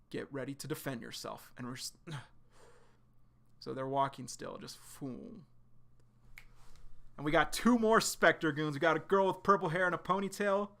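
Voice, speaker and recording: A man streaming live, retelling a webcomic chapter in quick, casual narration with sudden excited outbursts. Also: a little high, creaky. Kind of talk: live reading and reaction.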